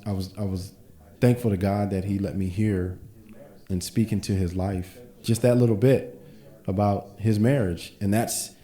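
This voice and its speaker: Deep-voiced man telling earnest stories. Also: warm tone, reverberant. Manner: earnest storytelling with faith talk. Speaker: podcast co-host. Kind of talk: casual podcast conversation.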